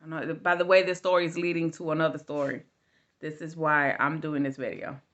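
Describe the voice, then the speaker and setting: A woman's voice: sits low, flat delivery, fairly quick, fairly bright tone, lo-fi sound. A middle-aged woman telling a candid storytime vlog in a blunt, casual way with plenty of swearing. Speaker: vlogger.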